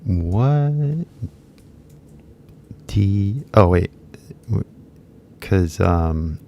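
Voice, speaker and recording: A young man teaching English on a live stream, speaking with an American English accent and a Kansai Japanese accent as he switches languages. He keeps a loose, mumbled delivery. His voice sits very low, with a gravelly, mellow tone. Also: expressive, drawn-out words, slight background noise. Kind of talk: casual live-stream lesson.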